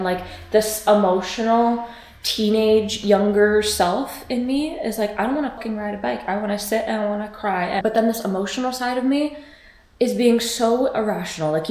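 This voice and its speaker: A woman's voice: mid-range voice, a little mellow. Candid chatty woman vlogger, roomy sound. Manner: candid, rambling, swears freely. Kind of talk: casual chatty vlog.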